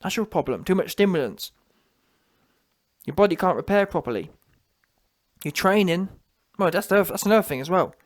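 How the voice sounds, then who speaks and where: A man's voice: high voice, lively intonation, moderate pace, long pauses. A man rants straight into the camera in a taunting, mocking tone. He talks in street slang and keeps circling back with "yeah?" to hammer each point home. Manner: taunting, repetitive, slangy, with frequent "yeah?" tags. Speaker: commentary channel host. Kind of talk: mocking reaction rant.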